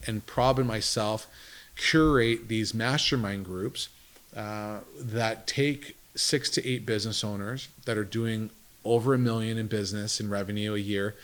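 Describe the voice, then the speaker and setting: Man, somewhat low voice, interview guest, business owner, rambling storyteller, acts out quoted speech. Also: steady tone, unhurried, a bit bright. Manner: rambling, jumps between thoughts; acts out what others said.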